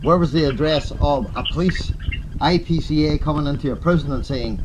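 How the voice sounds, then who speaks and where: A man's voice: on the high side, moderate pace, noisy background. A man angrily confronting his advocate, swearing and hammering the same accusing questions. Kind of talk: heated confrontation.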